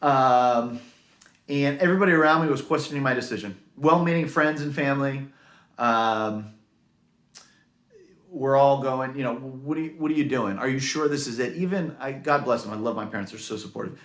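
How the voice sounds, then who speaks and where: A man's voice: medium pitch, normal speed, a bit bright. Guy telling his story, earnest and heartfelt, lots of ums, echoey room. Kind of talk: personal story to camera.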